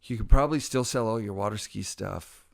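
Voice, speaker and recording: Gravelly-voiced man hosting a podcast. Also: lowish voice, dry recording, studio quality. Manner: lively storytelling, quick asides. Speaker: podcast host. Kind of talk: casual podcast conversation.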